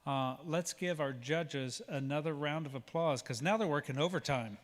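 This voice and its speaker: A man's voice: fairly high pitch, normal speed. A man with an Oklahoma accent hosting a pageant on stage, chatty and joking with the crowd. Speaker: pageant emcee. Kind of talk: live event hosting. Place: large auditorium. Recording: long hall reverb.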